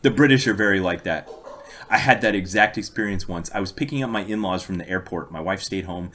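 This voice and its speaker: A man's voice: low voice, a little fast, fairly bright tone, slight background noise. A man co-hosting a podcast, casually telling long stories with dry amusement. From United States. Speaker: podcast co-host. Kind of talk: casual chat, storytelling.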